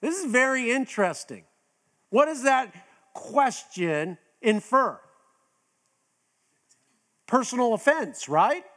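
A middle-aged man gives a sermon at an unhurried, deliberate pace. His voice sits high for a man. He talks loosely and conversationally, restarts often, and acts out quoted lines. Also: animated, fairly bright tone. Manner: conversational, with many restarts and "you know". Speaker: pastor.

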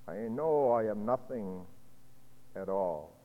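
Man recites a defiant scorned young serving woman, bitter and raw, slow with a muffled hall echo. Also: on the low side, lively intonation, slight background noise, pitched below the performer's own voice. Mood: anguished. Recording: dull echoey hall recording.

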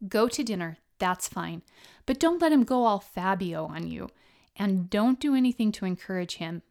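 A woman's voice: medium pitch, expressive, normal speed, darkish tone, lightly acted. A woman reading as a blunt protective roommate. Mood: warning.

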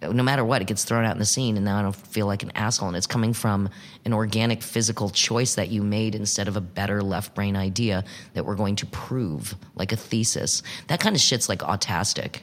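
A man talking about improv in an interview, emphatic and animated, swearing freely. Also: fairly low pitch, a little fast. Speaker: improv performer and teacher. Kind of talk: casual interview talk. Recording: long reverb.

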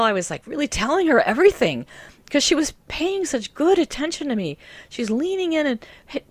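A woman telling a personal story to an interviewer, animated and laughing often. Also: lowish voice, no room sound.

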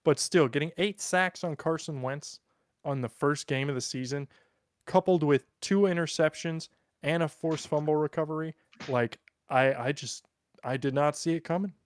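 Higher-voiced man, crude joking podcast banter. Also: normal speed, no echo, clean studio sound. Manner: crude, self-mocking joking. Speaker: podcast co-host. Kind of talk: casual podcast chat. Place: in Europe.

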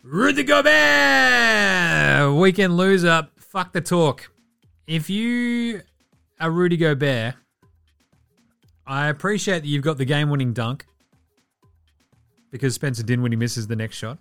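Young male basketball podcast host, slightly higher voice, sweary and sarcastic, faint music bed. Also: a little slow, pauses often, clear, resonant tone. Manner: profane, animated, sarcastic. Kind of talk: solo sports commentary podcast.

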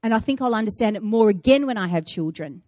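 A woman's voice: medium pitch, expressive, quick pace, dark tone, dry recording, studio quality. A woman giving a conversational sermon, chatty and playful, telling stories with acted-out asides. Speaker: preacher.

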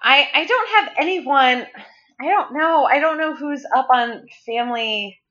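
A woman co-hosting a casual podcast, relaxed and trailing off, often answering with brief agreements. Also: high voice, measured pace. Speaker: podcast co-host. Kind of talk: casual chat about movie casting. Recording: slightly dull lo-fi sound.

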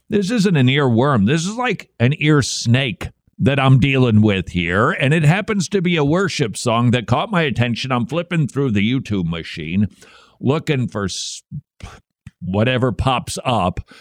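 Sarcastic, animated male host. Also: medium pitch, dry recording, studio quality. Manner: sarcastic, mocking. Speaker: podcast host. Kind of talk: comedic commentary.

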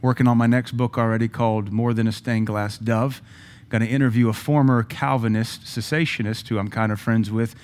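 A man's voice: mid-range voice, fairly even intonation, brisk, a little mellow. A male pastor preaching a sermon in a church sanctuary, conversational and emphatic, with self-deprecating asides.

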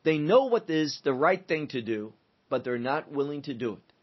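A man teaching through a psalm verse by verse, deliberate and emphatic, building his points in lists. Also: on the high side, animated. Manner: slow, deliberate, emphatic with listed phrases. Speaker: Bible teacher. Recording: dull lo-fi recording.

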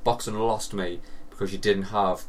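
A man's voice: lowish voice, steady tone, moderate pace, recorded from a distance, a little hiss or hum. A man co-hosting a casual chat podcast, riffing and swearing freely. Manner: swears freely, riffs with jokey asides. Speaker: podcast co-host.

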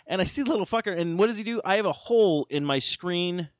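A man's voice: sits high, lively intonation, quick pace, no room sound, lo-fi sound. A man hosting a podcast in casual chat, rambling and swearing his way through everyday stories. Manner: rambling, profane storytelling. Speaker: podcast host.

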